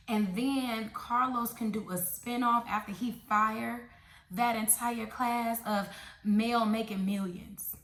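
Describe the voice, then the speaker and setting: Sassy blunt woman in an echoey room. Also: on the high side. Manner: sassy, blunt, repetitive, talks straight to viewers. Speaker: reality TV recap vlogger. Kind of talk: casual opinionated show review.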